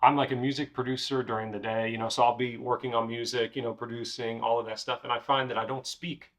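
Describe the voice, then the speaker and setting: Male co-host, mid-pitched, direct instructive casual talk, drives points home. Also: flat delivery, quick pace. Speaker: co-host, pianist and music director. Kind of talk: casual chat.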